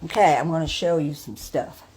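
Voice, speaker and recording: An older woman from New York talks casually and bluntly to her viewers, addressing them by name as she walks them around her home. Her voice sits low for a woman. A faint noise hums under the phone recording. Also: normal speed. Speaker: vlogger. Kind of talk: casual home tour vlog. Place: her house and front yard, in and out of doors.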